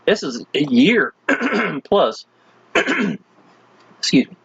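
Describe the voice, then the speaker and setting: Husky, animated man pitching. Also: drawn-out words, dry recording, highs cut off. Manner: folksy and enthusiastic, constantly addressing listeners as "y'all". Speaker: online marketing promoter. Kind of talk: casual sales pitch walking through web pages.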